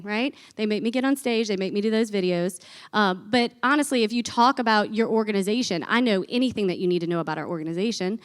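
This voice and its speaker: Lively woman giving a stage talk. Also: fairly high pitch. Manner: energetic, chatty, uses folksy phrases. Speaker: conference speaker. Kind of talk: business conference talk. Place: conference stage before an audience.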